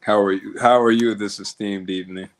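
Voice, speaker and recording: A man's voice: on the low side, steady tone, a little fast, a little hiss or hum. A man calling into a show who greets the host formally and speaks with some hesitation. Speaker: caller.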